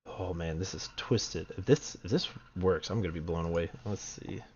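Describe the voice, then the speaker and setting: Low, husky-voiced man streaming a game. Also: moderate pace, darkish tone. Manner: nervous, muttering to himself while clicking through files. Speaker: streamer playing a horror game. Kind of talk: let's play commentary. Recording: dull lo-fi stream audio.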